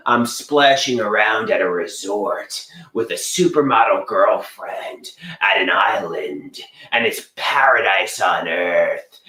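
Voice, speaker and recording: A man's voice: lowish voice, measured pace, sharp tone, reverberant. A man rambling through an absurd comedic story, repeating himself in a mock-serious way.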